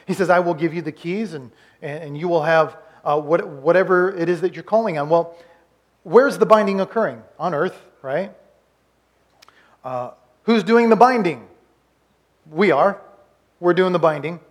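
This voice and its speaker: A male pastor preaching a sermon, swinging between loud urging and quiet confiding, with frequent restarts. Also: on the high side, moderate pace, long pauses.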